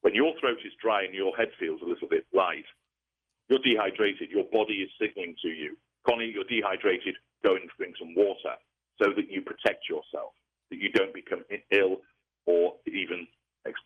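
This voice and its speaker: A man explaining things in a measured, lecturing way during an interview, heard over a tinny phone-like line. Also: low voice, breathy edge. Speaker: interview guest.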